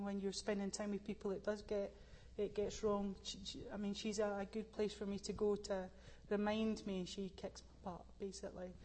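A Scottish woman answering on a church panel. She speaks earnestly in a flat, even tone and restarts her sentences often. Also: medium pitch, slight background noise. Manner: halting, many restarts, earnest.

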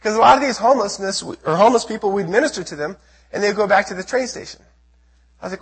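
A man from the United States giving an earnest testimony sermon to a church as a missionary speaker, telling his story with a husky voice. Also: sits high, fast talker. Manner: earnest storytelling, acts out his own prayers and quotes.

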